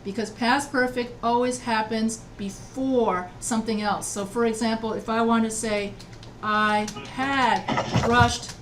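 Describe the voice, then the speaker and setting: A woman's voice: on the high side, fairly even intonation, unhurried, recorded from a distance, noisy background. A woman writing instructor teaching an online class, patiently repeating answers and checking that students follow. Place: video call from home.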